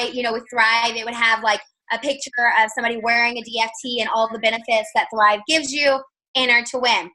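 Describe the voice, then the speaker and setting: A woman tells her story over a video call, lively and chatty. She acts out bits of dialogue as she goes. Her voice is bright, sitting a touch high. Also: rough recording. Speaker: guest speaker.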